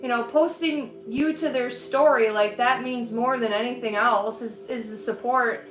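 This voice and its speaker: Woman, streamer, casual chatty delivery with a high voice, in a roomy space with faint music underneath. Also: steady tone, normal speed. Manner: chatty, rambling, laughs often. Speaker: livestreaming artist. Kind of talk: casual chat while painting. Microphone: streaming setup.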